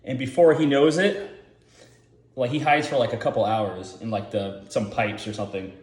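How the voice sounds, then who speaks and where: A man's voice: mid-range voice, fairly even intonation, normal speed, a little mellow, roomy sound. A man giving rambling, profane casual commentary, full of filler words, as the host.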